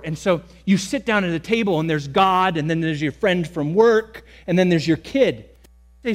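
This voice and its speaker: A young man preaching a sermon as pastor, emphatic, slowing down to stress key words and speeding through asides. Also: fairly high pitch.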